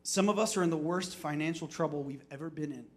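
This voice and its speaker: A male pastor with a notably high voice gives a short sermon to his congregation. He talks plainly to them one moment and climbs into loud, fervent declarations the next, repeating phrases as he presses his point. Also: quick pace. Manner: preachy, rising to shouts and dropping low, repeats himself.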